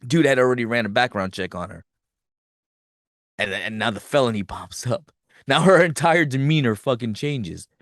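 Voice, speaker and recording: A man hosting a podcast, giving a profane, animated movie review rant. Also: mid-range voice, normal speed, dry recording, clean studio sound. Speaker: podcast host.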